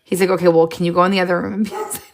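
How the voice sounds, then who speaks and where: An excitable woman chats casually as she hosts a live stream, her voice carrying a gravelly edge. She hops from one idea to the next and laughs often. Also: on the low side, racing, noisy background. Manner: excitable, jumps between ideas, frequent laughs.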